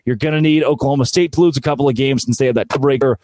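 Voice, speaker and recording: A man hosting a college football recap show, ranting with exasperated sarcasm and animated swings in his voice. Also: medium pitch, rapid-fire, no room sound. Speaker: sports show host.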